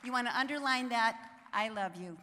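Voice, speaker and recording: An older woman, an author and inspirational speaker, giving an energetic, exhorting live talk to an audience and laughing often. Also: a little high, normal speed, a little hiss or hum. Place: large hall with live audience. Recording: reverberant hall sound.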